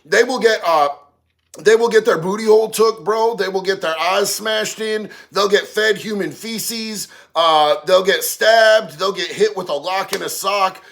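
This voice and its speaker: A man with a high, gravelly, fairly bright voice runs a casual livestream at an unhurried pace. He reads the chat aloud and answers in slangy, streetwise talk, saying "bro" a lot.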